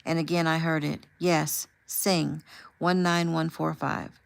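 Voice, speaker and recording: An emotional young man with a low voice tells his story haltingly, as a woman reads him aloud. His voice is gravelly, and the reading sounds like a storybook told at home. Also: flat delivery, heavily acted. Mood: earnest. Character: young man, emotional, recalling a hard time.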